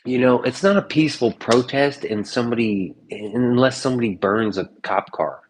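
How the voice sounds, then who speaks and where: A man's voice: mid-range voice, normal speed, a little hiss or hum. A man chatting casually in his kitchen in a vlog, joking and swearing loosely. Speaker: streamer. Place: home kitchen.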